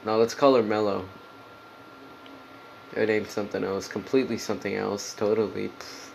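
A man rambles through a casual solo podcast, swearing freely and filling every gap with "like" and "dude". His voice sits fairly low with a gravelly fry. There is a faint hiss of noise behind him. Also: little pitch movement, moderate pace, darkish tone, poor audio. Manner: rambling, profane, heavy on "like" and "dude". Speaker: podcast host.

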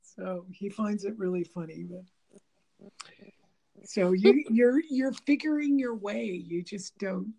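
Gravelly, mellow-voiced woman chatting casually. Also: mid-range voice, takes it slowly. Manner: rambling, with frequent fillers and restarts; animated, laughing, mimics dialogue. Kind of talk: casual conversation about relationships.

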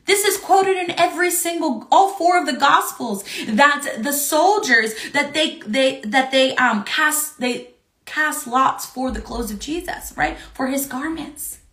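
A woman teaching a Bible study lesson, earnest and excited, reading scripture aloud with feeling. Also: high-pitched, unhurried, reverberant.

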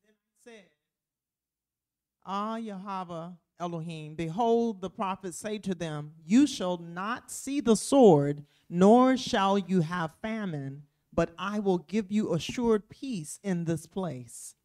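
A woman reading scripture aloud at a steady, measured pace during a Bible lesson. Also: mid-range voice. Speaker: scripture reader.

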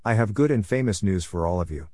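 A man's voice: on the low side, expressive, quick pace, a little mellow, no echo, clean studio sound. A man reading the part of a sly, easygoing churl in a folk tale, talking in a wordy, mock-polite, teasing way.

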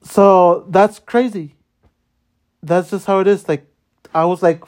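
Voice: mid-range voice, steady tone, takes it slowly, darkish tone. Profane, rambling venting podcaster. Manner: profane and rambling, many restarts and fillers; exasperated complaining. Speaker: podcast host. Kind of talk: casual venting monologue.

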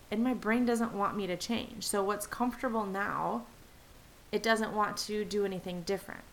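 A woman's voice: mid-range voice, fairly bright tone, low-quality recording. Earnest encouraging woman podcaster, faint hiss. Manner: earnest, encouraging, addresses listeners as friends. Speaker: podcast host. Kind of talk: reflective solo podcast talk.

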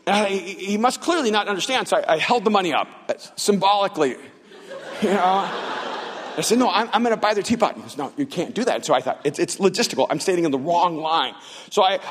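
Husky pastor in a reverberant hall. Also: male voice, high-pitched, lively intonation, a little fast. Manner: storytelling with acted-out dialogue, rising to shouts. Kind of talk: sermon. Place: large church hall.

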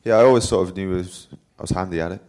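A man's voice: low-pitched, racing, darkish tone. A young man, a pro cyclist, telling stories in a rambling, self-deprecating way as a guest at a live talk. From Wales. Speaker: interview guest, professional cyclist. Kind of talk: casual storytelling at a live talk.

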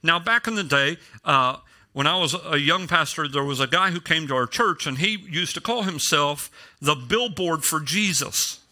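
A man's voice: fairly high pitch, lively intonation, moderate pace, pushed and bright. A middle-aged male pastor preaching a sermon in a casual storytelling way, with self-deprecating humor.

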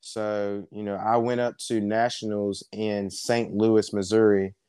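Coach in his twenties, smooth tone, dry close recording, rambling relaxed chat. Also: on the low side, a little slow, no echo. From South Georgia, US. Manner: relaxed storyteller, many fillers. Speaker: wrestling coach, guest. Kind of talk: casual interview chat.

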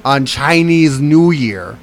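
A man's voice: fairly high pitch, lively intonation, takes it slowly, a crowd in the background. A man in casual chat, adding dry joking asides to a friend's story.

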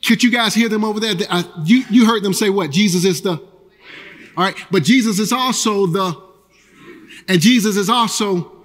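A man preaching a sermon as pastor, energetic and earnest, repeating phrases and swinging between loud calls and quiet lows. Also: moderate pace. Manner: repeats phrases and restarts with a casual preaching rhythm. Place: church sanctuary. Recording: long church hall reverb.

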